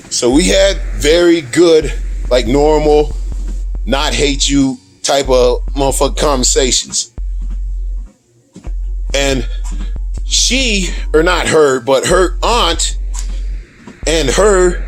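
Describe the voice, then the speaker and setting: A man's voice: fairly high pitch, slow, long pauses, soft background music, rough recording. A man telling a personal story in casual, profane storytelling, swearing freely and laughing between lines.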